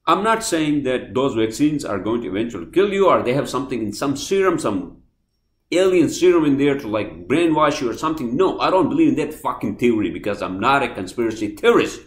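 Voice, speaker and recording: A man hosting a podcast, ranting angrily and swearing, swinging from loud outbursts to quiet apologies. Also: medium pitch, very animated, brisk, echoey room. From New Jersey, US. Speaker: podcast host. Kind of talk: heated podcast rant.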